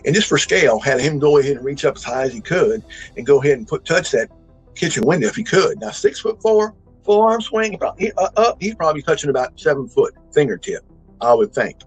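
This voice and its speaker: A man's voice: on the high side, big pitch swings, brisk, breathy edge, soft background music, poor audio. A man, telling a true encounter in a folksy, rambling way full of restarts and emphatic bursts. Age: 60s. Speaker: eyewitness storyteller. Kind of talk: casual spoken storytelling.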